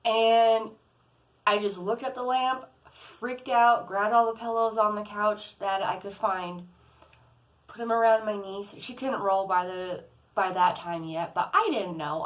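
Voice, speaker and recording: A woman's voice: medium pitch, poor audio. A young adult woman vlogging, telling a personal story in a casual, rambling way, with many fillers and restarts. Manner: rambling, lots of "like" and "um", restarts often.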